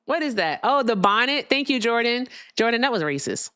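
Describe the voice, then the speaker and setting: A woman's voice: fairly high pitch, sing-song, brisk, fairly bright tone, clear, resonant tone, no echo, clean studio sound. A young woman hosting a casual livestream, chatting with her viewers while she fixes her sound. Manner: chatty, talks to viewers, fiddles with sound settings. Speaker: livestream host.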